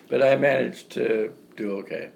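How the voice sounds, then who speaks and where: A man co-hosting a casual live stream from home, adding brief low-key remarks. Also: creaky, slight background noise.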